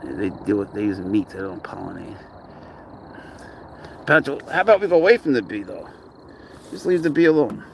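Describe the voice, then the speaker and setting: Gravelly man cursing at his pet. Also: lowish voice, very animated, normal speed, long pauses, slight background noise. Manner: profane, exasperated banter with his pet. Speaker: pet owner filming his cat. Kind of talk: casual vlog chat. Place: outdoor playground.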